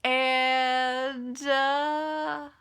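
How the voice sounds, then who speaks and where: A woman's voice: high-pitched, flat delivery, very slow, fairly bright tone, clear, resonant tone. An American woman, an author, chatting casually through a live reader Q&A in a frank, self-deprecating way with lots of fillers. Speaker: author answering reader questions. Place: at home in California.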